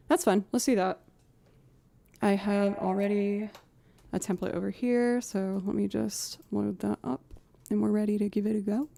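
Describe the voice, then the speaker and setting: A woman's voice: medium pitch, vocal fry, mellow. A woman streaming live, chatting casually and thinking aloud while she sets up music loops, humming and scatting rhythms as she goes.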